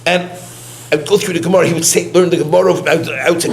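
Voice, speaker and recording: Man, high-pitched, eulogy storyteller; halting delivery, Yiddish and Hebrew terms scattered throughout. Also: steady tone, gravelly. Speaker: eulogist, former student. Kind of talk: eulogy told as personal anecdotes.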